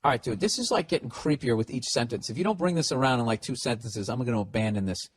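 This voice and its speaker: A man's voice: medium pitch, animated, fast talker, husky. A man with a Boston accent hosting a podcast, reading listener mail aloud and mocking it with sarcastic, profane, incredulous remarks. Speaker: podcast host.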